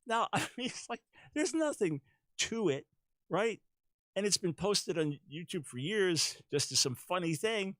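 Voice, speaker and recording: A middle-aged man hosting a talk radio show, his voice sitting a little high. He comments on current events in an animated way and keeps building to emphatic peaks. The sound is close and dry, with no room echo. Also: unhurried.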